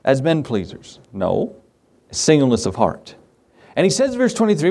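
Man, pastor, sermon, emphatic, rhetorical questions, higher-pitched voice. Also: sing-song, moderate pace, darkish tone. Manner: emphatic, asks and answers his own questions.

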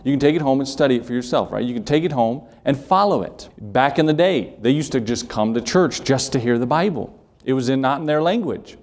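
A man's voice: mid-range voice, expressive, brisk, a little mellow. A man preaching a sermon as pastor, emphatic and repetitive, putting questions to his congregation.

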